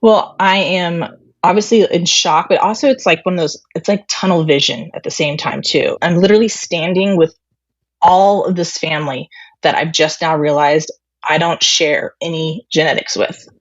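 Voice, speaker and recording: Low-voiced woman telling a personal story. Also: fairly even intonation, moderate pace, no room sound, muffled recording. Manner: candid, retelling dialogue with many fillers. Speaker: interview guest.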